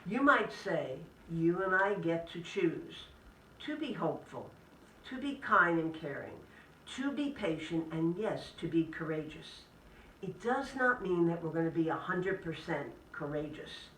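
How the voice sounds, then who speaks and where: A woman, a Catholic sister, giving an inspirational talk to a live audience in gentle, measured phrases. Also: lowish voice, very animated, a little hiss or hum. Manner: gentle, measured delivery in short list-like phrases. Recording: echoey room, speaker distant from the mic.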